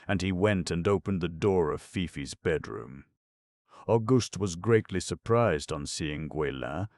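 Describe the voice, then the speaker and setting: Very deep, gravelly male narrator. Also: dry recording, studio quality. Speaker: audiobook narrator. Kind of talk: scripted narration.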